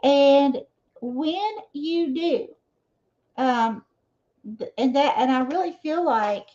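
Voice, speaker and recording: A woman's voice: high-pitched, takes it slowly, warm tone. A woman giving a live tarot reading, talking casually and checking in often with her viewers. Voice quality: conversational, frequent "okay?" and "you know" fillers. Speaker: tarot reader. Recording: dull lo-fi sound.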